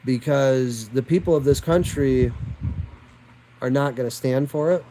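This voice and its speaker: A man's voice: mid-range voice, a little mellow, a little hiss or hum, poor audio. Man, ranting monologue to viewers, defiant, rambling, repetitive, crude at times.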